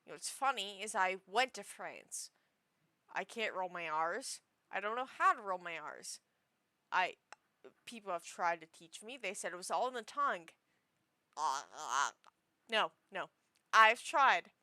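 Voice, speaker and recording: A woman's voice: medium pitch, lively intonation, measured pace, long pauses, sharp tone, no echo. A young woman chatting casually on a stream, rambling and self-deprecating with frequent giggles. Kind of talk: casual chat.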